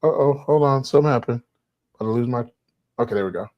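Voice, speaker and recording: A man joins a video call as a guest, relaxed and joking, his voice at a middle pitch. The sound is dry and close to the mic. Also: fast talker, dry recording, highs cut off. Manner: easygoing, laughing asides. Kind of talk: casual livestream chat.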